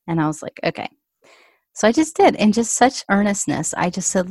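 With a lowish, darkish voice at normal speed, a guest author in her forties tells an emotional personal story of faith during an interview. She speaks earnestly and says "like" a lot, and there's no room sound.

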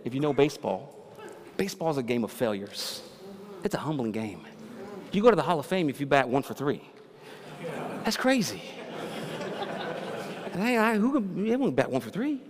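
A man preaching a sermon, moving between quiet storytelling and loud, fervent preaching. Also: mid-range voice. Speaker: pastor. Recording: reverberant hall with faint ambience.

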